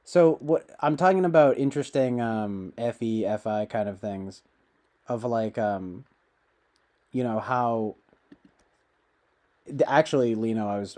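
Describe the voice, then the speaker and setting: A man's voice: on the low side, warm tone. A man chatting casually to his livestream viewers, meandering with many fillers and restarts. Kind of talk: casual rambling livestream chat.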